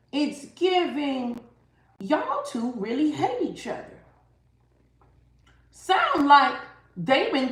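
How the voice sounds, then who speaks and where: A woman's voice: high-pitched, echoey room. A woman giving a live-stream tarot reading, talking emphatically and dramatically straight to her viewers. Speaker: tarot reader.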